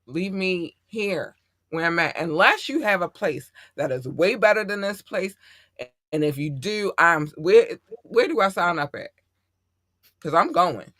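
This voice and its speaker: Woman doing a blunt, sassy cat turning down aliens, bright forceful tone, lively swings. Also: on the low side, a little slow, no room sound, clean studio sound. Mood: defiant.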